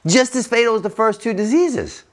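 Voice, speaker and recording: A man in his forties speaking to an audience at a treatment center, blunt and profane, swinging between loud emphatic bursts and low quiet asides. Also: lively intonation, normal speed. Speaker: motivational speaker. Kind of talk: recovery talk to an audience.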